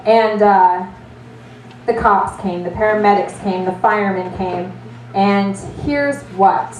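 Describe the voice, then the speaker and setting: A woman telling a stand-up story in an animated, swearing, self-mocking way. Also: mid-range voice, slow, slight background noise. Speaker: stand-up comedian. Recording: roomy, distant mic.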